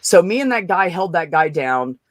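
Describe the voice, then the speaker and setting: A woman hosting a casual group chat, telling a story in an animated, profane way. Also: on the low side, normal speed, dry recording. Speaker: show host.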